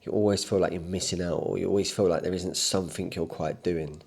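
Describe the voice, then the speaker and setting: A man's voice: low voice, steady tone, a little fast, vocal fry, a little mellow, breathy edge. A man, a coach giving a blunt, rambling, impassioned motivational talk, unscripted. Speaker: self-improvement coach.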